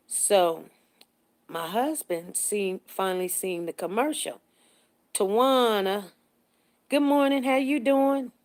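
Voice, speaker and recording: A middle-aged woman hosts a relaxed morning live stream. She greets her viewers by name and chats with them in a friendly way. Her stories run animated, and she acts out the other people in them. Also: fairly high pitch. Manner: animated storytelling, voices others in the story.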